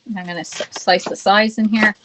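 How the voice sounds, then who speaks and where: A woman's voice: medium pitch, steady tone, a little fast, background noise. A woman hosting a live cooking demo from her home kitchen, chatting to viewers, reading their comments and checking in with "okay?" as she works. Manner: greets viewers and reads chat aloud. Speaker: cooking livestream host.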